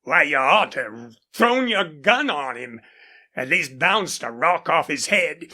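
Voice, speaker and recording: A woman voicing an older male rancher, an indulgent, horse-proud father, in a husky, drawling audiobook character voice. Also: deep voice, sing-song, a little slow, pushed and bright, heavily acted.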